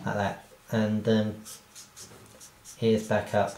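A man's voice: on the low side, steady tone, measured pace. A man, a cartoonist, talking through a casual drawing tutorial in a rambling, self-deprecating way and laughing at his own jokes. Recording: roomy echo.

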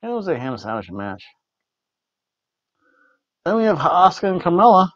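A man's voice: sits high, very animated, normal speed, no room sound. Man, wrestling review podcast host, rambling casual chat, repeats himself, dry lo-fi sound. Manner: rambling, repeats words, food-rating jokes. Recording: dull lo-fi dry recording.

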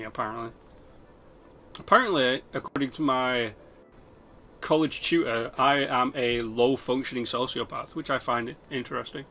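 A man's voice: medium pitch, sharp tone. A man rambling and swearing through casual game commentary, joking about himself as he plays. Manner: rambling, swears a lot, self-mocking. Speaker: gaming channel host. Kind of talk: rambling let's-play commentary.

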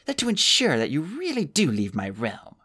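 A man's voice: a little high, huge pitch swings, moderate pace, bright, forceful tone, breathy edge, voice pushed up, full character voice. A man voicing a stern, curt ancient woman who rules her realm, in an audiobook. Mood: cold.

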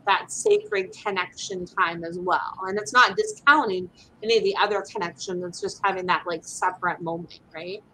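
A woman's voice: fairly low pitch, moderate pace, bright, forceful tone, slight background noise, poor audio. A woman from the US West Coast, an animal communicator, chatting casually and filling her talk with "like" and "right?". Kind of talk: casual chat.

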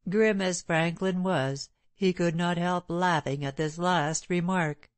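Slow, measured woman narrating a novel. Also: fairly low pitch, dry recording. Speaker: audiobook narrator. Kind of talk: scripted narration.

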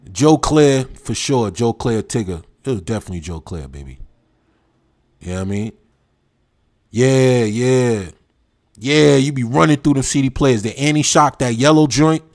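A man hosting a livestream, reminiscing in animated, slang-heavy casual chat and talking straight to his viewers. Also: medium pitch. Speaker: livestream host.

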